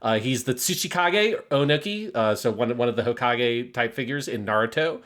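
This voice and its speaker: A man's voice: medium pitch, expressive, normal speed, a bit bright. A man co-hosting an anime review podcast in casual chat, rambling with enthusiasm and swearing now and then. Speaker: podcast co-host.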